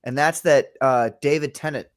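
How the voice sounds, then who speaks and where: A man co-hosting a casual podcast, animated and swearing freely as he talks. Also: medium pitch, normal speed. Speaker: podcast co-host. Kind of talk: casual chat.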